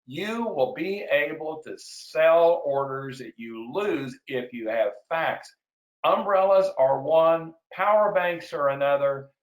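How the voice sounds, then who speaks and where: A man giving a sales webinar in an energetic, excitable way, getting wound up and then reining himself in. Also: on the high side, slow, echoey room, rough recording. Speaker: sales trainer hosting a webinar.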